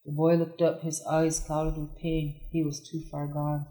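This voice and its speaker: A narrator reading a historical novel aloud in a measured, even delivery. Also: mid-range voice, rough recording. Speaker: audiobook narrator.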